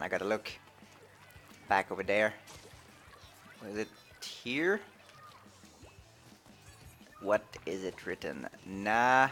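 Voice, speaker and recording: A man streaming a video game live, chatting playfully and excitedly. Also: on the low side. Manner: playful, excitable, switching between English and French. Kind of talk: casual live-stream commentary.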